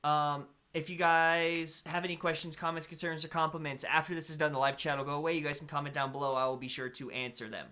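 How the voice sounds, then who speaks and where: A man's voice: a little high, steady tone, bright, forceful tone. Tired man hosting a live stream. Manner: stuttering and pausing a lot. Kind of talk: casual live-stream chat.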